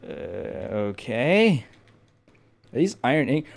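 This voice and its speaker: A man's voice: medium pitch, animated, measured pace. A man hosting a casual gameplay video, joking, swearing and talking to himself as he plays. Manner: jokey, swears a lot, talks to himself. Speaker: gameplay host.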